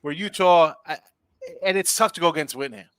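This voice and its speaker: A man's voice: a little high, a little fast, fairly bright tone, smooth. A man talking through a college football pick on a betting podcast, rambling and jokey as he thinks aloud. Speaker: sports betting analyst. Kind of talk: casual sports podcast chat.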